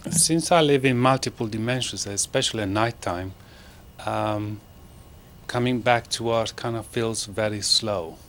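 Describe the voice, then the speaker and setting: A man with a fairly low voice asks the panel a long, rambling question, with frequent ums and uhs. A faint hiss of background noise sits under his words, and he sounds as if he is some way off the microphone. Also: a little slow, a bit bright. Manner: rambling with many fillers, self-promoting. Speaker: audience member asking a question. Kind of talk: asking a question at a studio event.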